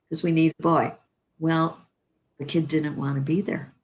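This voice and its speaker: A woman's voice: low-pitched, measured pace. An older woman from Chicago, an actress, telling stories in an interview and acting out the lines she quotes. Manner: animated anecdotes, acts out quoted lines. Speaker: actress guest. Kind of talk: interview storytelling.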